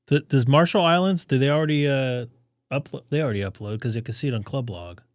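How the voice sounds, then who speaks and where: A man who is losing his voice hosts a ham radio live stream, chatting casually and rambling as he thinks aloud with fillers. His mid-range voice moves at a quick pace, and the sound is clean studio audio with no echo.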